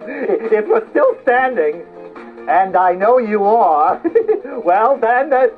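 An actor plays the Mad Hatter, a giggly, fussy, scatterbrained eccentric leading children in a game at a theme-park character show. His voice sits high, animated yet slow. The recording is tinny and lo-fi, with faint music behind it.

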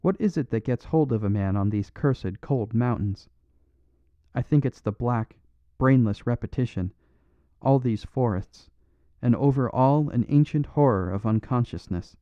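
Male reader playing a big blunt ex-thief detective, low voice, for an audiobook, dull dry sound. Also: a little fast, few pauses, no echo, close to an everyday voice. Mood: agitated. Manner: heavy, blunt, fearful. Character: huge gruff former thief, now a detective.

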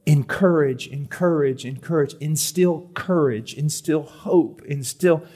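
A middle-aged preacher delivering a sermon at a conference. His voice sits a bit high for a man, and he swings between loud, emphatic reading and soft, hushed pleading. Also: a little slow. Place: conference hall.

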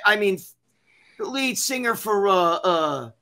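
A man's voice: high voice, lively intonation, takes it slowly, gravelly, sharp tone. A man being interviewed, talking casually and rambling, with lots of swearing and fillers. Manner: rambling, profane, many fillers. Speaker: interview guest. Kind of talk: casual chat.

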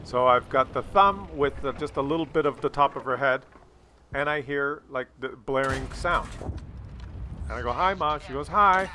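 A man's voice: mid-range voice, moderate pace, a little hiss or hum. A man casually telling a funny family story while playing a game, acting out the people in it. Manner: animated, acts out the people in his story. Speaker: gaming video creator. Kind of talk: casual storytelling over gameplay.

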